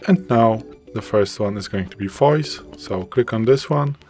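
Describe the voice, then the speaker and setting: A man from Poland with a Polish accent, a native Polish speaker, calmly walking through phone settings in a casual tutorial with loose, hesitant phrasing. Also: lowish voice, measured pace, soft background music. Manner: plain, loosely worded explaining with hesitations. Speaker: tech tutorial presenter. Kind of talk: casual screen walkthrough.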